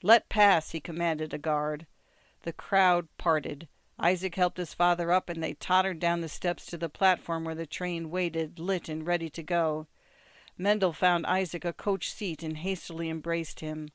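Smooth, dry audiobook reader. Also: mid-range voice, little pitch movement, moderate pace, a bit bright, no room sound. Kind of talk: scripted narration of short stories.

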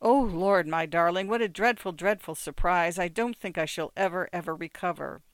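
A reader doing a wry middle-aged man in a storybook scene, teasing and gently insistent with a woman he once loved. His voice sits at a middle pitch, close and dry with no room sound. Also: moderate pace, no room sound, close to an everyday voice.

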